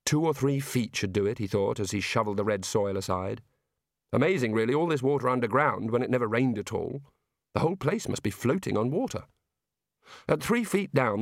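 Guy narrating an audiobook, steady and measured, normal pitch, very dry close mic. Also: creaky, no room sound. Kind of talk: scripted storybook narration.

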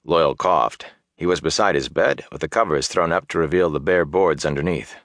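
A man narrating a fantasy audiobook in a steady, measured storytelling voice. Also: a bass voice, no room sound, clean studio sound.

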